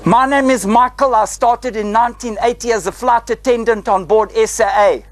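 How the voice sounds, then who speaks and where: A South African man in his sixties, a retired flight attendant guiding a group through a parked airliner in a lively, theatrical way, tagging his lines with "eh?". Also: extremely high pitch, moderate pace, rough recording. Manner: lively, theatrical, tag questions like "eh?". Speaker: tour guide. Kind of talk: guided tour talk to a group. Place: inside a parked airliner cabin.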